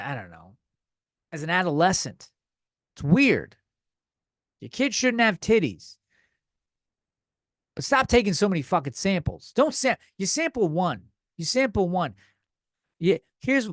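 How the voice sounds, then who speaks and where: A young man tears through a comedic podcast rant, swearing freely and blowing every gripe out of proportion. His voice sits a bit high. The mic is close and dead dry, with no room sound. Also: no echo. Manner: profane, heated, exaggerated ranting. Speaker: podcast host.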